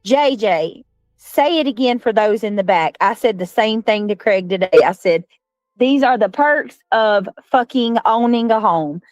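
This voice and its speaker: A woman's voice: on the high side, expressive, measured pace, no echo. A woman ranting casually on her own livestream, complaining and swearing in passing. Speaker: streamer in a played clip.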